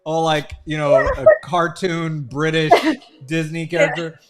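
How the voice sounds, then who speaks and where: A man's voice: on the high side, little pitch movement, measured pace. A man who draws on a live stream, chatting casually with lots of giggling and rambling asides. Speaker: sketch artist streaming live.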